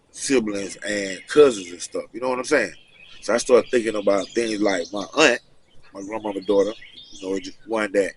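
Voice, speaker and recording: A man telling a long personal story in a casual interview, animated and loose, with many asides and acted-out quotes. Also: lowish voice, a little hiss or hum. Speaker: guest storyteller.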